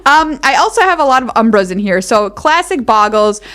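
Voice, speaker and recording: A woman's voice: on the high side, sing-song, fairly quick, fairly bright tone. Bubbly woman gushing with a laugh. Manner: gushing, playful, laughs often. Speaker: guest, commentator. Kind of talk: casual chat.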